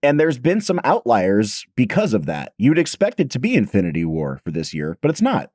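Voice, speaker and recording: Hoarse, lively male podcast host. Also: medium pitch, moderate pace, no echo, studio quality. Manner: chatty, self-deprecating, animated storyteller. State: hoarse, raspy throat. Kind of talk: casual podcast chat.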